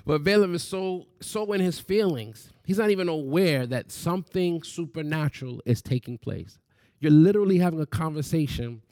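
A man's voice: a little high, darkish tone, no room sound, clean studio sound. A man preaching a sermon, reading scripture and asking the listeners rhetorical questions. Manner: asks rapid rhetorical questions.

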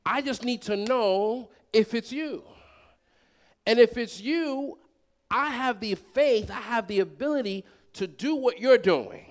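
A man preaching a sermon to a congregation, calling for responses and swinging between loud, emphatic lines and soft, quiet ones. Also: very high-pitched, slow.

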